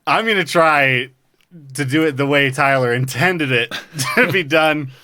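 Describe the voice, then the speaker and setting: A man hosting a podcast in casual chat, jokey and quick to laugh. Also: on the high side, sharp tone, no echo, studio quality. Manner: jokey, laughs often, reads recap lines in a put-on Midwestern voice. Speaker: podcast host.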